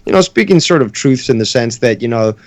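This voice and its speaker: A man's voice: mid-range voice, animated, brisk, no echo. A man co-hosting a casual political chat, talking in a rambling, hesitant way with many fillers. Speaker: co-host.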